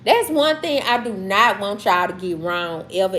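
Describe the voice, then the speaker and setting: A woman's voice: mid-range voice, sing-song, normal speed, few pauses, fairly bright tone, slight background noise. A woman from Mississippi with a Southern accent, talking casually and emphatically to her livestream chat, repeating herself for effect. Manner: preachy, repetitive, emphatic. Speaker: livestream host.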